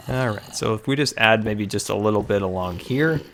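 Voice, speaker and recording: A man's voice: on the low side, fairly bright tone, a little hiss or hum. A young man casually commenting on his own game tutorial, musing aloud, repeating phrases, a little out of breath. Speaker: Minecraft YouTuber.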